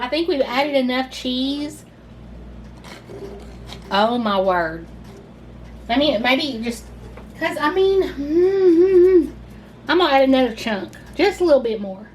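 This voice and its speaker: With a high, expressive voice at a moderate pace, a Southern woman hosts a relaxed home cooking video, gushing and chatting her way through the steps. "Y'all" comes up a lot, and there's slight background noise.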